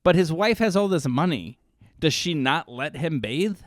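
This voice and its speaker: A man's voice: on the high side, expressive, normal speed, dry recording, studio quality. A man co-hosting a casual chat podcast, teasing and asking questions about the plot. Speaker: podcast co-host.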